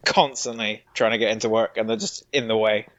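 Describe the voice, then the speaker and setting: A man's voice: on the low side, fairly even intonation, a little fast, highs cut off, crowd noise. A man guesting on a podcast in casual chat, with brief, dry replies.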